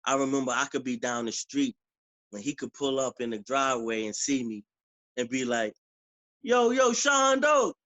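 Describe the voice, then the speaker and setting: A man, an author and preacher, talking casually in an interview, with relaxed slang and frequent "you know what I'm saying". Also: medium pitch, brisk, no room sound, rough recording.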